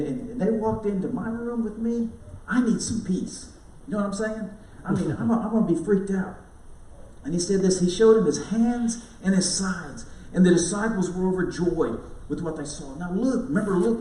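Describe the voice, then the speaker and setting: A pastor with a high, mellow voice preaches an Easter sermon, telling it conversationally like a story and often turning aside to address the congregation. The mic sits at a distance, giving a roomy echo with slight background noise.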